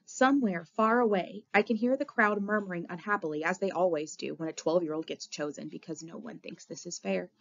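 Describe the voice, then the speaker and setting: A woman narrating a novel in the first person with expressive, dramatic reading, on a dull lo-fi recording. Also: lowish voice, a little fast, gravelly, few pauses. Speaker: audiobook reader. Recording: dull lo-fi audio.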